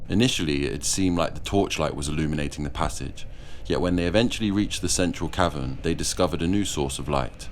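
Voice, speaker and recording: Very deep-voiced male audiobook narrator. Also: slight background noise. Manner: measured, steady storytelling. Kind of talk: scripted narration.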